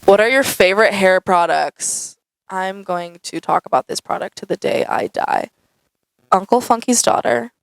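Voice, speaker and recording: A woman's voice: mid-range voice, normal speed, gravelly, dry recording, rough recording. A young woman answering viewer questions in a casual, chatty vlog, saying "like" a lot. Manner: chatty, says "like" often, animated. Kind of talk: casual Q&A chat. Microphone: camera mic.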